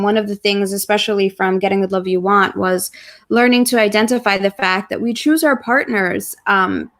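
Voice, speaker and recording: A woman's voice: mid-range voice, fairly bright tone. A woman co-hosting a livestream about relationships, explaining ideas in a thoughtful, casual way and laughing easily. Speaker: co-host of a couples livestream. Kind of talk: casual conversational talk.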